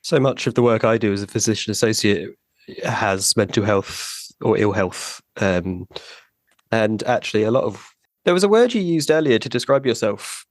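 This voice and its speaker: A man with a fairly low voice hosts the conversation, posing thoughtful, measured questions to his guest. His sound is dry and close, with no room around it. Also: expressive, dry recording. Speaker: podcast host, physician associate. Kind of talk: interviewer asking questions.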